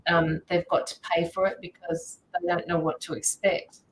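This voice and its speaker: Streaming live from her studio, this woman hosts a tarot and mediumship show, greeting viewers by name in casual chat. Her voice is fairly low with little pitch movement and a moderate pace, with roomy studio echo and slight background noise.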